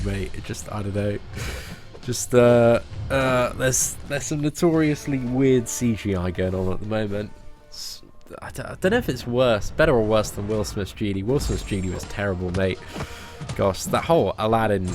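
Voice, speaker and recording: A young man, chatting cheekily with viewers on a late-night live stream, swearing casually and calling everyone mate. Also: fairly low pitch.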